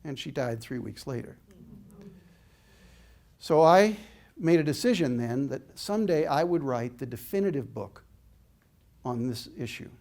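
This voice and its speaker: A man's voice: mid-range voice, lively intonation, measured pace, long pauses, a little mellow. An older man giving an inspirational talk, telling a personal story in an earnest, reflective way. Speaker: inspirational speaker.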